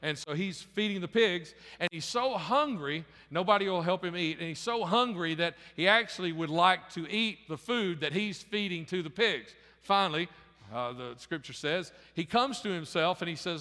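A high-pitched male pastor delivers a sermon in a church sanctuary, retelling a story casually and stumbling over repeated words. His voice is bright and forceful, and a long reverb trails behind it. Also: moderate pace. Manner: conversational storytelling with frequent restarts.

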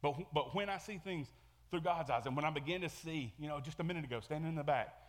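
Male pastor, casual sermon delivery with lots of restarts, slightly high voice, echoey church hall. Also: fast talker. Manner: conversational, repeats words and restarts often. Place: church sanctuary.

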